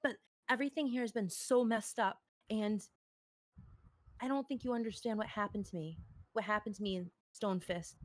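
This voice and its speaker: A woman's voice: mid-range voice, moderate pace, no echo, natural voice. A woman playing an earnest soldier woman seeking redemption. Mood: earnest resolve. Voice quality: earnest, pleading.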